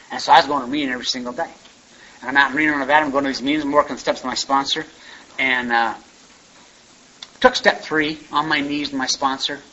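Faint hiss runs under a dull, lo-fi recording of a man recounting his story at a recovery meeting. His voice is a bit high, bright and slightly rough, delivered forcefully, and he rambles in a folksy way, often tacking on "man" and "you know."

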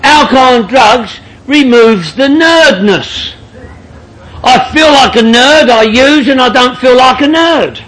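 A middle-aged man with a strikingly high voice tells his story to a meeting room crowd. He is blunt and joking, swears freely and laughs through his lines. His tone is bright and sharp. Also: takes it slowly, low-quality recording. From London, England. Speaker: speaker sharing at a recovery meeting. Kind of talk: comic storytelling to a group.

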